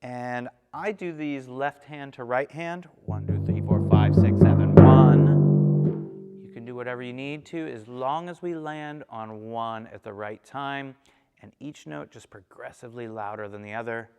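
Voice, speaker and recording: A man's voice: medium pitch, normal speed, long reverb tail, narrow, tinny audio, loud music behind the voice. A man teaching a timpani lesson, explaining patiently, counting beats aloud and checking in with "okay?" as he demonstrates. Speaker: percussion teacher.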